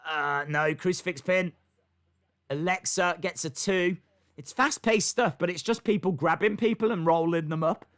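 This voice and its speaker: A man's voice: high voice, moderate pace, fairly bright tone. A young man hosting a live wrestling watch-along, calling the action and reading chat comments aloud. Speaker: wrestling stream host.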